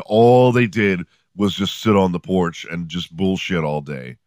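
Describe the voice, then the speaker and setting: A man's voice: low-pitched, no room sound, studio quality. Profane, sardonic male podcast host. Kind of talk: comedic storytelling monologue.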